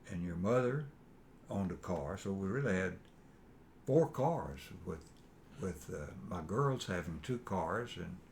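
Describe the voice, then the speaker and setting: An older man with a drawl speaks in a very low voice, recalling the past in a halting, rambling way with plenty of fillers. A faint hiss of noise sits under the recording. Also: creaky. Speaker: father being interviewed. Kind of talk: casual family interview.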